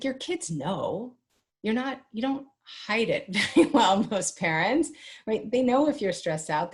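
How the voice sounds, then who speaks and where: A middle-aged woman with a fairly low voice speaks as an interview guest. She talks in an animated, chatty way and acts out little family dialogues as she explains. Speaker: guest expert on teen mental health. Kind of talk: conversational interview advice.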